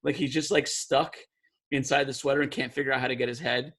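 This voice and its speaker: A man's voice: medium pitch, fairly even intonation, quick pace, fairly bright tone. A man from New Jersey, co-hosting a podcast, telling a long rambling story full of "like" fillers. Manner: rambling, many "like" fillers, acts out quoted voices. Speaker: podcast co-host. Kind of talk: casual chat, storytelling.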